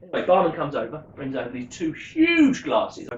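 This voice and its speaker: Man hosting a rum vlog, chatty storyteller, fairly high voice, echoey room. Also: wildly swooping pitch, normal speed, highs cut off, a little hiss or hum. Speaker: rum vlogger. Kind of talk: casual tasting vlog storytelling.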